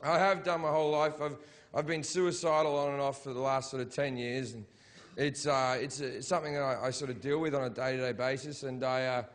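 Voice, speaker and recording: A man performing a stand-up set in a theatre, swearing constantly and swinging between shouted rants and low, mumbled asides. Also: fairly even intonation, fairly quick. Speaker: stand-up comedian. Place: sold-out theatre.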